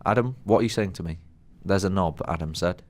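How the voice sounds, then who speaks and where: A man's voice: low-pitched, fairly quick. A young man co-hosting a podcast, joking and sorting out the running order in casual chat. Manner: joking, organizing. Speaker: podcast co-host. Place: small room.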